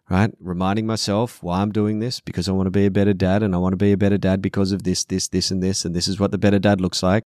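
A man's voice: sits low, level tone, brisk, hardly any pauses, darkish tone, dry recording, studio quality. A middle-aged man on a podcast, speaking bluntly and emphatically, swearing often and acting out quoted voices. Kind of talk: podcast conversation.

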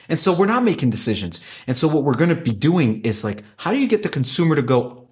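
A man who is a company executive, pitching his product in an animated, emphatic way with frequent restarts. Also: fast, few pauses. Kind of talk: conversational business pitch.

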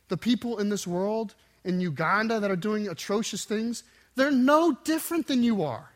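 A man with a notably high voice delivers a sermon. He preaches with intense emphasis, rising into forceful bursts and then dropping to quiet, low endings. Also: animated, moderate pace. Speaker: pastor.

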